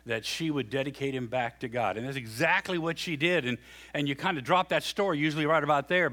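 Animated male preacher telling a story. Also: fairly high pitch. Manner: animated, conversational, frequent restarts. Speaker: pastor. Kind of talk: storytelling sermon.

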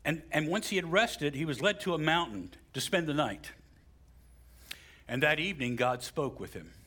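Male pastor, sermon and prayer in a church hall; husky timbre, swings from loud preaching to whispers. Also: fairly high pitch, animated, moderate pace.

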